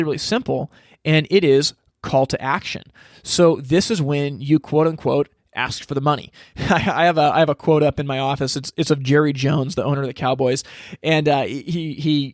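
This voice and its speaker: A man teaching a step-by-step sales process in casual, energetic talk, acting out lines he would say to customers. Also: medium pitch, dry recording, studio quality. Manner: energetic, acts out customer dialogue, frequent restarts. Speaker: sales trainer.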